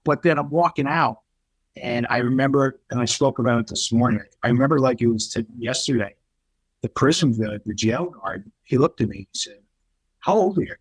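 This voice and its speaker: A middle-aged man, a podcast guest telling his life story in a candid, animated way, acting out the people he quotes. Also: mid-range voice, fairly quick, slightly rough, no echo, poor audio. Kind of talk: casual storytelling.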